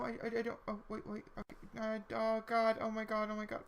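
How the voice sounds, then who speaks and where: A man's voice: sits high, steady tone, normal speed. Man, let's play commentary, rambling and repetitive, faint hiss behind. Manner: rambling, restarts often, addresses viewers. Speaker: gaming channel host.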